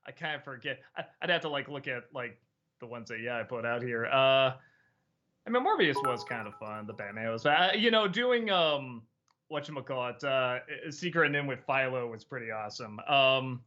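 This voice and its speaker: A man's voice: mid-range voice, lively intonation, moderate pace, pushed and bright, muffled recording. A middle-aged man answering viewer questions in a casual livestream chat, rambling, laughing often and swearing freely.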